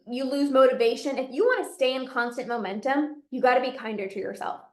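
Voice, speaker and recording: With a high-pitched voice and a roomy sound, a woman coaches binge eaters on her solo podcast. She's earnest and encouraging, giving voice to the inner voices she describes.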